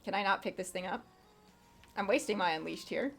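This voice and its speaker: Gravelly-voiced young woman gaming streamer. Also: medium pitch, brisk, fairly bright tone, faint music behind. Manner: rambling, filler-heavy, swears casually. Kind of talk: casual gameplay commentary.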